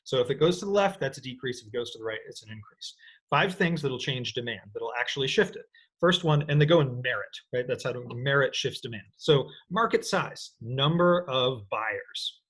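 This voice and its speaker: A man teaching an economics lecture in an energetic, playful way, often checking in with his students. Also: medium pitch, normal speed, slightly rough. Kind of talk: recorded lecture.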